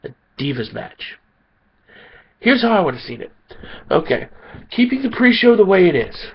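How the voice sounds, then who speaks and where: A man's voice: fairly high pitch, lo-fi sound. A man ranting angrily about wrestling, sounding tired and a little sick. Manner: heated, indignant ranting. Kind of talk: angry opinion rant.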